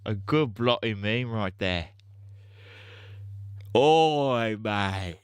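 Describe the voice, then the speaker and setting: A man's voice: lowish voice, animated, extremely slow, clean tone, no room sound. A man putting on a mock British accent as a crude, cheeky lad who keeps saying "oi mate". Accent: put-on British. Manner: repeats "oi mate", bits of mocking slang.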